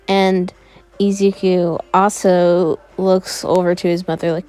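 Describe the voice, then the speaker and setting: A woman's voice: lowish voice, little pitch movement, moderate pace, mellow, faint music behind, rough recording. A woman casually improvising a story, rambling with many fillers.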